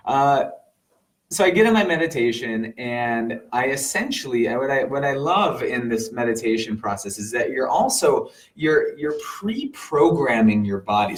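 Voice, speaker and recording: A man telling an earnest personal story in a casual way, animated and full of sound-effect words, sometimes dropping to a soft near-whisper. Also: mid-range voice, rough recording. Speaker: meditation teacher.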